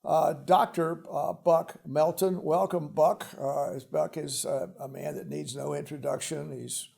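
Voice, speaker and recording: An older man hosting an interview, speaking haltingly with many fillers and restarts. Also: on the high side, fairly even intonation, creaky, darkish tone. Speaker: host. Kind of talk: casual interview chat.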